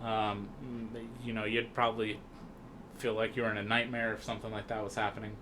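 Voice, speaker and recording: A man's voice: on the low side, brisk, background noise. A man co-hosting a podcast, casually recapping a film scene by scene in a rambling way with lots of fillers. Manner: rambling, relaxed, many fillers and restarts. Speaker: podcast co-host.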